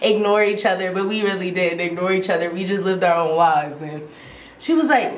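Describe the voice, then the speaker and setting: Animated woman in her twenties, slangy. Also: lowish voice, moderate pace. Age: 20s. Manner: animated and slangy, heavy use of filler "like". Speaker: vlogger. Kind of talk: casual storytime. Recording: roomy sound from off the mic.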